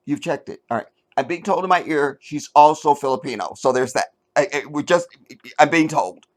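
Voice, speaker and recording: A middle-aged man hosting a commentary show, reading an article aloud and mocking it with sarcasm, jumping between loud outbursts and low mutters. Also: normal speed. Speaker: commentary channel host.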